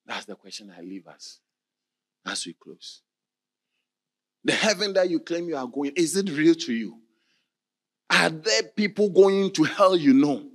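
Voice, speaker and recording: A man preaching a passionate sermon, moving between quiet talk and shouted exclamations. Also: on the high side, sing-song, measured pace, long pauses.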